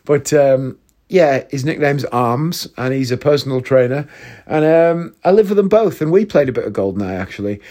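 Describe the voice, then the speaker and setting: A man's voice: mid-range voice, animated, moderate pace, dark tone. A young man hosts his podcast and runs through comic anecdotes in a loose, rambling way. He swears freely and keeps the tone cheeky and casual. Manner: chatty, swears freely, jumps between anecdotes. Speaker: podcast host. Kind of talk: casual comedic monologue.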